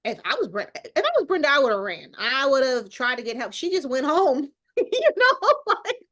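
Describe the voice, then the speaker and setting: A woman's voice: sits high, big pitch swings, fairly quick, a bit bright. A woman guest in a casual movie review chat, talking animatedly and laughing as she speaks. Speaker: podcast guest.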